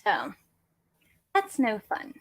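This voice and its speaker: A woman's voice: medium pitch, huge pitch swings, drawn-out words, fairly bright tone. A woman, hosting a casual livestream chat from her home office in a rambling, chatty, self-deprecating way. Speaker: crafting channel host.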